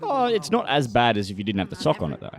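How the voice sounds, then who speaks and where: A man with an Australian accent joking and swearing in relaxed gaming chat, mic pressed right against his face. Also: medium pitch, fast. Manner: laid-back, swears, jokey. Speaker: gaming podcast co-host. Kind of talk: casual chat over gameplay. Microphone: mic touching his face.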